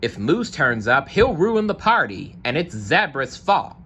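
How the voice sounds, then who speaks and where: A man's voice: a little high, big pitch swings, unhurried, sharp tone, slight background noise, voice pushed up, exaggerated voice. A man voicing a grumpy alligator in a read-aloud storybook, grumbling and blaming others in a raised voice. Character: grumpy complaining alligator at a party.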